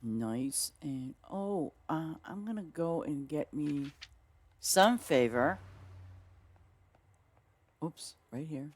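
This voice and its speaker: Slow-talking excitable woman streamer. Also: sits low, breathy edge. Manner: excitable, chatty, exclaims often and talks to viewers. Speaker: gaming streamer. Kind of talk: casual gameplay commentary.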